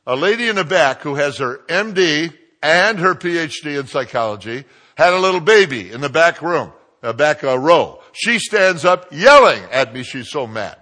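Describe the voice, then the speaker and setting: A preacher with a slightly high, animated voice trades jokes with the congregation at a normal pace. He shifts from hushed asides to booming exclamations.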